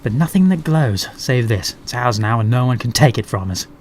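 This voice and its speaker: A man voicing an excitable female rat science officer who talks eagerly and insistently. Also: medium pitch, moderate pace, a little hiss or hum, lightly acted.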